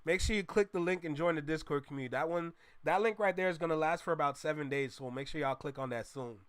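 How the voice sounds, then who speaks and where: A man's voice: on the high side, quick pace, a bit bright. A young man from Canada, hosting a casual live reaction stream, talking animatedly to his chat with exclamations and slang. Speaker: reaction channel host.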